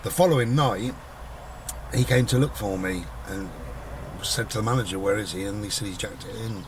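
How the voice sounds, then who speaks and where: A man's voice: fairly low pitch, normal speed. A middle-aged man, telling a personal story in a rambling, casual way. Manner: rambling, conversational, voices quoted people. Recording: voice a bit far from the mic, faint background noise.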